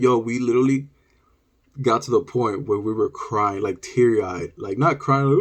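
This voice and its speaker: Ny guy vlogging a story, husky voice, says like a lot, animated. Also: lowish voice, normal speed. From New York. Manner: animated, many "like" fillers. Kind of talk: storytelling vlog.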